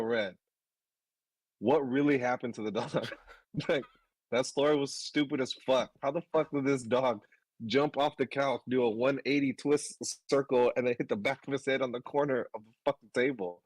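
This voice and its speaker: A man in his thirties, a podcast co-host, telling a story in casual chat, animated, swearing and laughing as he goes. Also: mid-range voice, normal speed, no echo, poor audio.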